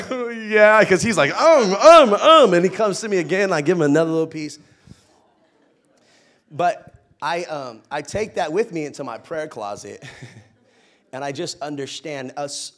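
A young man preaching a conversational sermon, moving between loud, excited storytelling and soft, hushed moments. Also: on the high side. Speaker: pastor.

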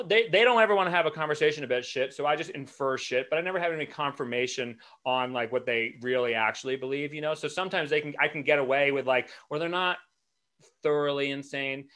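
A man's voice: mid-range voice, a bit bright. A man co-hosting a podcast in casual chat, talking in a heated, profane way with stumbling restarts. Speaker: podcast co-host.

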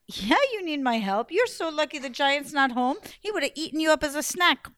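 A woman voicing a clever, chatty young woman held by a giant, talking in brisk, sassy, flattering bursts. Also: sits high, no room sound, clean studio sound, pitched above the performer's own voice. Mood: urgent.

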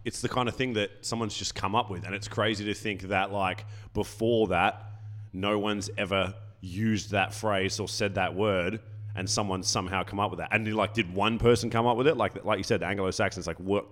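A laid-back man with a low voice, co-hosting a casual podcast. He meanders through his thoughts with plenty of "like" and "you know". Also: fairly even intonation, moderate pace, a bit bright. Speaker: podcast co-host.

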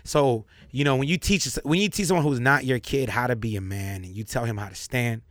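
Emphatic man with a bright, dry voice. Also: mid-range voice, a little fast, no echo. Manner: candid, emphatic, repeats himself. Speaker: podcast host. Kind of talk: casual chat.

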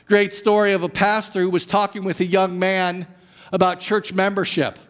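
A pastor with a high-pitched voice preaches a Sunday sermon in a church sanctuary, the long reverb of the hall ringing around him. His delivery is animated, swinging from loud bursts of emphasis to hushed, drawn-out phrases.

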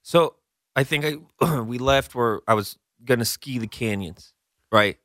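Bright-voiced man telling a story animatedly. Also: measured pace, dry recording, studio quality. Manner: animated storyteller, voice jumps high when excited. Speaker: co-host. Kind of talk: casual podcast chat.

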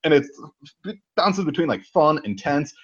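A man co-hosting a podcast, telling a movie plot in a casual, animated way and swearing freely. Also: on the high side, moderate pace, breathy edge, dull audio. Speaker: podcast co-host. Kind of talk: casual movie recap chat.

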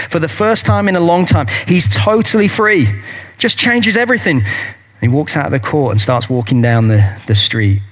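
A man preaching a sermon and leading a prayer in an earnest, intimate manner. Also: medium pitch. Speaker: pastor.

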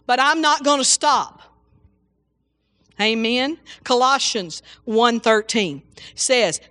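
A woman's voice: fairly high pitch, a bit bright, no room sound. Woman preaching with exclamations. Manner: repetitive, exclamatory, frequent hallelujahs and restarts. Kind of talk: informal sermon.

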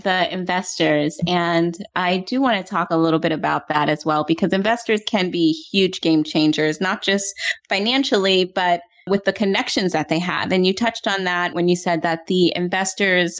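Female interviewer, measured questions, slightly low voice over dull remote audio. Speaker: interviewer, host.

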